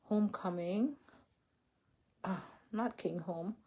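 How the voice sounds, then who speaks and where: Speaking slowly in a medium-pitched, dark, slightly rough voice, a woman sits indoors and tells the camera her faith and healing story. It's a casual, rambling testimony packed with fillers and self-corrections.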